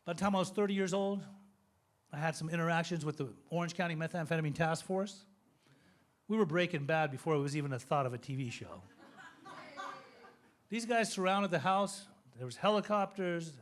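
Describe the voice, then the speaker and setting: A man in his fifties with a notably high voice gives a recovery testimony. He tells his story with animated, joking energy. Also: a little fast, pauses often. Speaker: recovery speaker.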